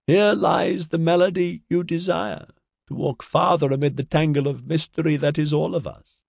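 A man reading an audiobook, voicing an ancient, sad female alien who speaks in slow, lilting riddles. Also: on the high side, fairly even intonation, gravelly, a little mellow, no echo, clean studio sound, pitched above the performer's own voice. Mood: mournful. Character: ancient serene female alien singer, mournful.

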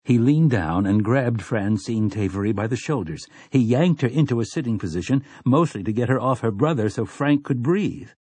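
A man reading a novel aloud as an audiobook narrator in measured storytelling. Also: mid-range voice, animated, darkish tone, husky, dry recording. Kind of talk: scripted narration.

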